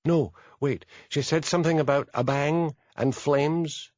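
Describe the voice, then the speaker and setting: A man's voice: fairly high pitch, steady tone, measured pace, darkish tone, no room sound, dull audio, voice pushed up, lightly acted. A man voicing an earnest, eager young woman police officer in an audiobook.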